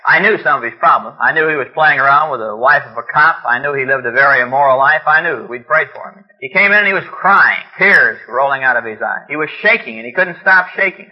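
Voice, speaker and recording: A man's voice: mid-range voice, fairly quick, hardly any pauses, breathy edge. A middle-aged man preaching an earnest, plainspoken sermon, telling stories and speaking straight to his listeners. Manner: earnest, plainspoken, addresses audience directly. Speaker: preacher at a men's conference. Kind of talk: sermon with storytelling and scripture reading. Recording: dull lo-fi recording.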